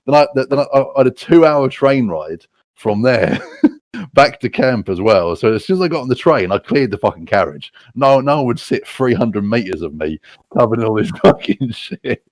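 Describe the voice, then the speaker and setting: A man's voice: medium pitch, very animated, normal speed, dry recording. A British man telling rowdy stories casually, swearing a lot and laughing at himself. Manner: crude, profane, laughing at his own stories. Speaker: storyteller.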